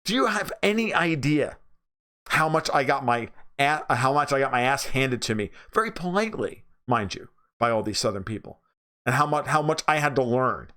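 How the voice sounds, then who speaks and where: A man's voice: medium pitch, lively intonation, moderate pace, bright, forceful tone, clean tone. A man with a New York accent hosting a livestream, talking bluntly and profanely while reading viewer comments. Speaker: livestream host.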